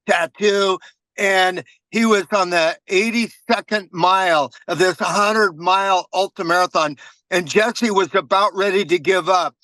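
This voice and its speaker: Bright, high-voiced motivated man. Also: dry recording, rough recording. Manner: earnest, motivational storytelling. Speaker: meeting participant. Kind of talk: casual sharing in a team meeting.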